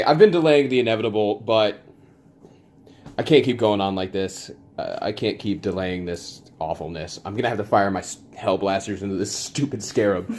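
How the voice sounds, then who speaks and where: A man's voice: fairly low pitch, darkish tone. A man playing a tabletop wargame, narrating his dice rolls in a casual, playfully exasperated way, with little sound effects as he rolls. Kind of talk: casual play-by-play of a tabletop game.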